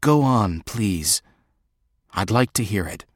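Brief: man voicing old servant, gentle, soft, slow. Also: lowish voice, lively intonation, dry recording, studio quality. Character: soft-spoken old male slave, quiet authority.

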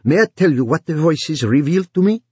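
A man's voice: fairly high pitch, lively intonation, brisk, a little mellow, husky, dry recording, pitched above the performer's own voice. A man voicing a mystical woman whose voice rings with conviction. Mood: fervent. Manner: vibrant, ringing with conviction. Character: vibrant, mystical dark-haired woman hearing voices.

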